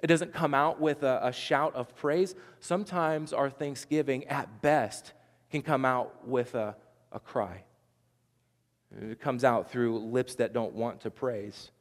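A man preaching a sermon in an earnest way, often restarting and dropping to a hushed voice. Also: mid-range voice, slow, long reverb tail. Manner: earnest, with many restarts and sudden hushed drops. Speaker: pastor.

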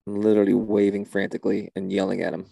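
A man's voice: on the low side, flat delivery, fast talker, gravelly, warm tone, no room sound. A man in a comedy sketch, talking in an exasperated, incredulous way.

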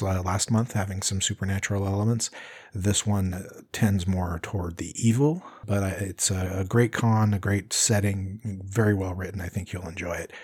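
A man hosting an interview show, introducing a story and chatting with his guest in a relaxed way with many pauses. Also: fairly low pitch, slightly rough. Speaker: podcast host and editor.

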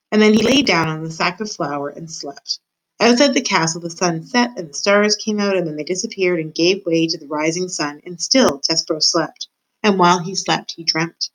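A woman teacher reading a children's book aloud to her class, warm and expressive in her storytelling. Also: lowish voice, rough recording.

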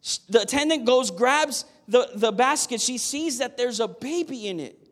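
A man's voice: very high-pitched, lively intonation, moderate pace. A man preaching a sermon, earnest and emphatic, often asking the listeners "Amen?". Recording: long hall reverb.

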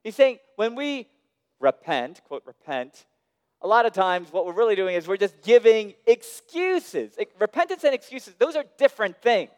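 A man preaching a sermon as pastor, swinging between hushed, quiet phrases and sudden raised, emphatic lines. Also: high voice, big pitch swings, moderate pace, clear, resonant tone. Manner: dynamic preaching, dropping soft and rising loud. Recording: long reverb of a large hall.

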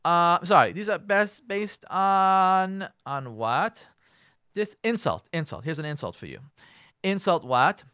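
A high, bright male voice that swoops up and down as the rabbi acts out arguments between spouses. He drops Hebrew and Yiddish words into an animated radio lecture. The sound is close and dry, with no room around it. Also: slow, smooth, dry recording.

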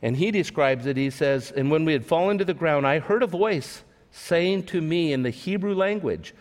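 A man's voice: a little high, expressive, normal speed, darkish tone. A man from California preaching a sermon at a church service, earnest, repeating his words and asking the listeners questions. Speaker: pastor. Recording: long hall reverb.

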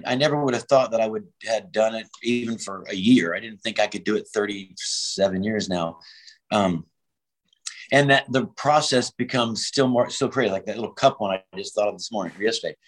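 A man's voice: lowish voice, low-quality recording. A man in his fifties, a comedian telling road stories in a casual interview, acting out the voices he quotes and swearing freely. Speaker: prop comedian, guest.

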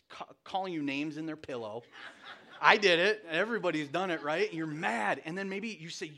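A man preaching a relaxed, conversational sermon, telling family stories with lots of restarts and self-deprecating asides. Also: on the high side, a little fast.

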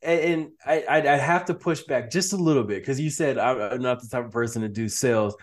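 A man speaking as a podcast guest, animated, often restarting and repeating words, and laughing easily. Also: medium pitch, fairly quick. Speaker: podcast guest, company founder. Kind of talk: casual interview chat.

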